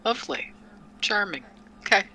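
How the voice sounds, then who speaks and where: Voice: mid-range voice, lively intonation, moderate pace, sharp tone, a little hiss or hum. A player in a tabletop game, talking casually and dropping wry, joking asides.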